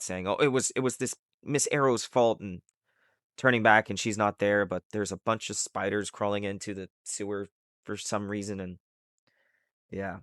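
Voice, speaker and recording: A man's voice: lowish voice, a bit bright, clear, resonant tone, dry recording, studio quality. A man casually retelling a comic book's plot in a loose, rambling way full of fillers. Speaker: comic recap host. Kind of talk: casual comic book recap.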